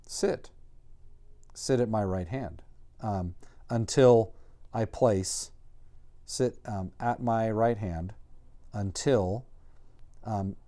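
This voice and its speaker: A man teaching a Greek workbook lesson in a casual, halting way, with many ums and self-corrections. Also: lowish voice, warm tone.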